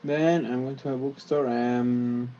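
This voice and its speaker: A man's voice: mid-range voice, steady tone, slow pace, mellow, dull audio, a little hiss or hum. Hesitant man practicing English requests. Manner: hesitant, restarts, searches for words. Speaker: English student.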